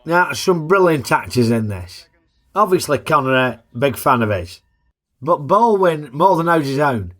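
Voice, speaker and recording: A man's voice: on the high side, sing-song, measured pace, a bit bright. A man, hosting a casual, jokey film review in a chatty, plain-spoken way.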